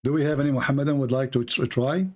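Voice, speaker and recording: A man whose first language is Arabic tells stories and argues in broken English, animated and laughing. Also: mid-range voice, rapid-fire. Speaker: host. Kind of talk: casual storytelling and polemic.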